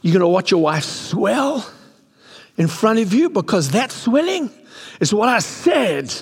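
A man's voice: high-pitched, measured pace, breathy edge. Impassioned man preaching in a hall. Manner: impassioned, rising to excited peaks. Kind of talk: sermon. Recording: long hall reverb.

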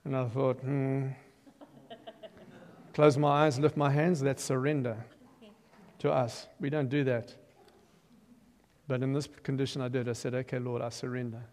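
An older man giving a testimony sermon as an animated storyteller who acts out quotes and breaks into loud emphasis. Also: medium pitch, measured pace, long pauses. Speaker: preacher giving his testimony. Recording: long reverb of a large hall.

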